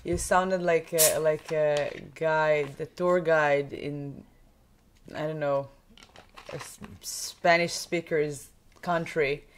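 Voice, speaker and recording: A woman's voice: sits low, level tone, takes it slowly, a little hiss or hum. Playful woman co-host. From Israel. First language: Hebrew. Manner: playful, chatty, interrupts and laughs. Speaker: podcast co-host. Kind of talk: casual chat.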